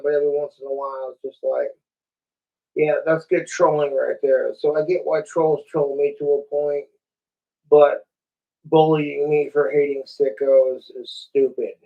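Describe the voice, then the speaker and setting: A man's voice: mid-range voice, creaky, highs cut off. A man ranting casually on a livestream, profane and rambling, coughing now and then. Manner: profane, rambling, laid-back. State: coughing from vaping.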